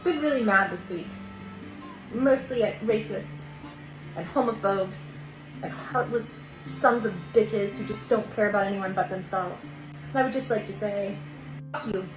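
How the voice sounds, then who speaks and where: A woman's voice: fairly high pitch, moderate pace, long pauses, reverberant, over music, poor audio. A woman ranting angrily and swearing at people she is mad at.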